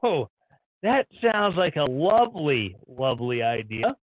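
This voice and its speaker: Brief: high-pitched male live stream host, irreverent ranting commentator. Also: sing-song, unhurried, dry recording. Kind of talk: sarcastic news commentary. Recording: dull lo-fi stream audio.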